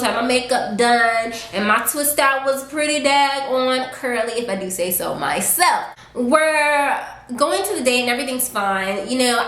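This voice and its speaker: Woman sassy, animated storyteller. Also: fairly high pitch. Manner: animated, sassy storytelling with lively acted quotes. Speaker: vlogger. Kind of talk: casual storytime. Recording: roomy echo.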